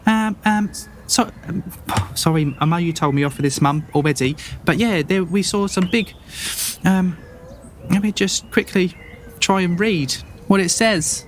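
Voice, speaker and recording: A man voicing an excitable young farm boy who plays at being a knight, eager and boastful. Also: unhurried, slight background noise. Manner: high-pitched, eager and boastful.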